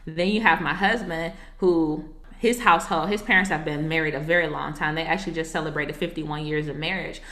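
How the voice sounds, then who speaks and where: A woman's voice: deep voice, fairly even intonation, fairly quick, pushed and bright. A woman who is a marriage coach and author, a guest telling her personal story in a casual interview, earnest and reflective, with casual asides to the host. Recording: echoey room.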